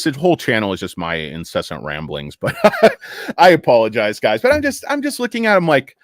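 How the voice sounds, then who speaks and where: A middle-aged American man talks in a loose, rambling monologue, his pitch leaping up and sinking low as he gets worked up. He swears freely and trips over fillers and restarts. The sound is close and dry, with no room around it. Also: no room sound. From United States. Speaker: stock market YouTuber.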